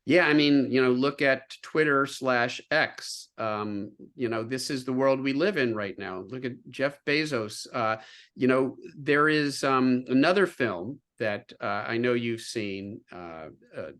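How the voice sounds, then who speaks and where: An earnest man explains science in an interview over a video call. He talks at a middling pitch for a man and often stops on fillers and restarts while finding his words. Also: unhurried, a bit bright. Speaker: guest scientist.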